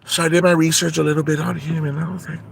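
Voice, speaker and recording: A man's voice: fairly high pitch, little pitch movement, fast, vocal fry, a little hiss or hum. A man voicing a brassy, shameless young Tejana woman, gossiping and code-switching in a confessional comedy vlog. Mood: gossipy. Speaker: vlog character. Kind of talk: comedic character monologue.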